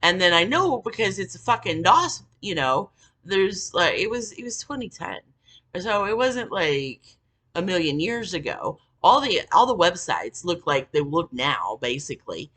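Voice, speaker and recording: A woman with a low, husky voice rambles through a story, swearing constantly and leaning on fillers. Her pitch swings widely as she talks, and her tone has a bright, sharp edge. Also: sing-song, measured pace. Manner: rambling, profane, many fillers. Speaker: vlogger. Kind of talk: casual storytelling monologue.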